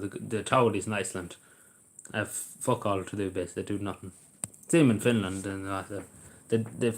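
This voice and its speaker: An Irish man hosting a live stream, chatting casually in a blunt, rambling way and swearing freely, recorded on a camera mic indoors. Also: lowish voice. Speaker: livestream host. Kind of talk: casual chat to a live audience.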